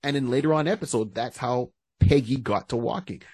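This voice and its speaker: A man co-hosting a podcast in casual chat, retelling stories in an animated way and acting out the scenes. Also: medium pitch, a little fast, husky, no echo. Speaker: podcast co-host.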